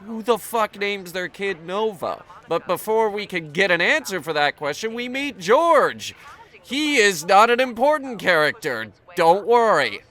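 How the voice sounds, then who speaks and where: A man's voice: sits high, very animated, measured pace, pushed and bright. A man hosting a comedic movie review, ranting sarcastically and swearing freely.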